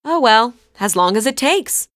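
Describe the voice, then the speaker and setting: Woman voicing a wry unhurried male driver, teasing, dry sound. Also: a little high, big pitch swings, fairly bright tone, dry recording, pitched above the performer's own voice.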